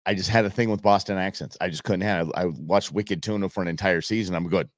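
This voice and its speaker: A man's voice: deep voice, steady tone, fast, dry recording, studio quality. A man hosting an outdoors talk show, chatting loosely and joking, with frequent restarts. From Arizona, USA. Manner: chatty, rambling, jokey with many restarts. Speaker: radio show host. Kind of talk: casual talk show monologue.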